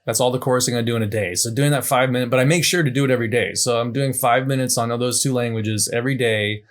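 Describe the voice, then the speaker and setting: A man's voice: medium pitch, steady tone, quick pace. A man teaching listeners how to fix their tones in a loose, conversational way, with frequent restarts and asides. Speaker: language teacher. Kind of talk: casual unscripted teaching talk.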